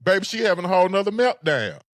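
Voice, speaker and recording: A man co-hosting a casual recap show, talking in a sassy, animated way. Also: sits high, fast talker, no room sound, studio quality. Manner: sassy, animated, sings phrases. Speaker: podcast co-host.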